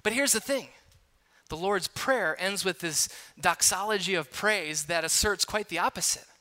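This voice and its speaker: A man in his thirties from Wisconsin preaching a sermon, telling a personal story in an animated, conversational, self-deprecating way. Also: sits high, moderate pace. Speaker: pastor. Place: large church hall.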